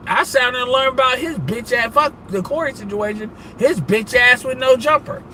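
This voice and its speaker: A man's voice: very high-pitched, moderate pace, pushed and bright, slight background noise. A man ranting casually on a live stream, profane and rambling, breaking into laughter. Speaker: livestreamer.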